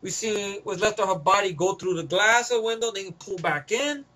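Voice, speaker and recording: Guy with a high bright voice rambling thru a movie review, cusses a lot, keeps chuckling. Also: moderate pace. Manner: loose and profane, chuckling often. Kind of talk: casual spoken movie review.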